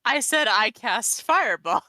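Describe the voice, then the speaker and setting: A woman's voice: a little high, animated, unhurried, bright, forceful tone, dry recording. A woman player at a tabletop game explaining a spell with a chuckle. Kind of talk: casual tabletop play.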